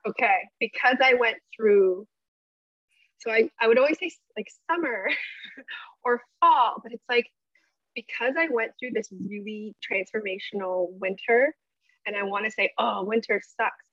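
A woman appears as a podcast guest in casual interview chat, sounding emotional, effusive and earnest. Her voice is on the high side at a moderate pace, with no room sound and a dull, slightly lo-fi quality.

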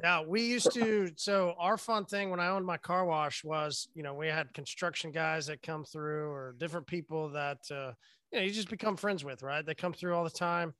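High-voiced man, loose and profane. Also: moderate pace, bright, forceful tone, clear, resonant tone, no room sound. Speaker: host. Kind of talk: casual podcast chat.

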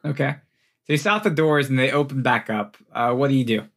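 A man runs a tabletop game as game master, talking loosely in a medium-pitched, fairly bright voice at a fairly quick clip. He's chatty and loose, uses many fillers, and laughs often.

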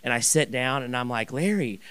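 A man telling a personal story in a sermon, animated and rambling, with many restarts and asides. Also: medium pitch, measured pace. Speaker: pastor.

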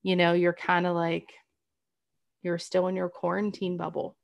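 A woman's voice: lowish voice, monotone, normal speed, gravelly, no echo. A woman in a casual chat, thoughtfully summing up her friend's experience. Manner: reflective, sums up the other's feelings.

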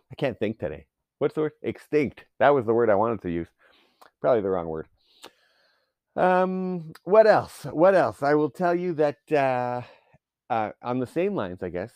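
A man's voice: fairly low pitch, darkish tone, no room sound. A man talking in a casual solo rant, profane, sarcastic and rambling as he goes.

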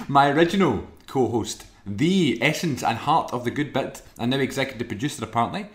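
A man hosts a podcast in an easygoing, teasing way. His pitch swings up and down as he talks, full of playful energy. He sounds like he is chatting with a friend in a flat. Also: normal speed, roomy sound. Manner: animated, jokey, playful teasing. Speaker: podcast host. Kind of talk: casual chat. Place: co-host's flat.

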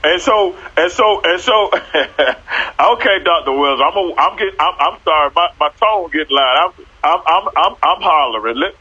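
A man talking like a preacher on a church talk show, animated and repeating his words as he builds up. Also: fairly high pitch, normal speed, husky, highs cut off.

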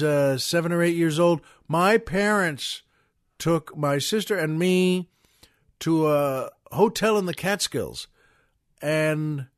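A man's voice: fairly high pitch, no room sound, studio quality. A man hosting a podcast, telling a long show-business story in a rambling way, with restarts, asides and chuckles. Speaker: podcast host. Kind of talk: casual anecdotal storytelling.

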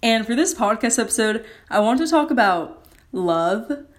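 A woman's voice: on the high side, expressive, normal speed, a little hiss or hum. Young woman with a slight lisp. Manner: rambling, self-correcting, sarcastic asides. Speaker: podcast host. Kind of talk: casual solo podcast monologue.

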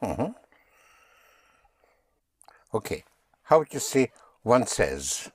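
A man's voice: fairly low pitch, sing-song, drawn-out words, slightly rough, no echo. A man teaching German, patiently spelling words out and having learners repeat them. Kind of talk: slow language lesson.

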